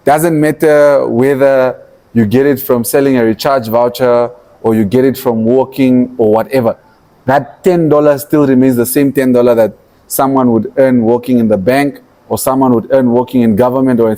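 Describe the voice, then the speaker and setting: A man's voice: mid-range voice, steady tone, normal speed, warm tone. A man, a guest in a podcast interview, telling his story animatedly and acting out his own past thoughts as quotes. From Namibia. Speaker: entrepreneur and activist guest.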